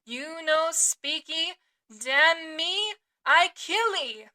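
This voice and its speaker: A woman voicing a fierce tattooed male cannibal harpooner who growls slow, broken speech. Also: very high voice, expressive, pushed and bright, exaggerated voice. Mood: menacing.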